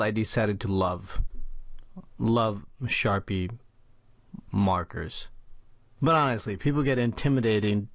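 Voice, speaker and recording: Casual low-voiced man hosting a drawing tutorial. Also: no room sound. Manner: casual and chatty, with frequent "uh" fillers. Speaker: drawing channel host. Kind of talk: tutorial talk while sketching.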